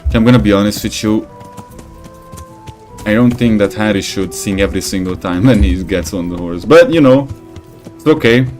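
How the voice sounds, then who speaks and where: A man giving casual gameplay commentary, rambling and swearing, who gets animated when he tells stories. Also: fairly low pitch, normal speed, pauses often, soft background music. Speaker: gaming channel host.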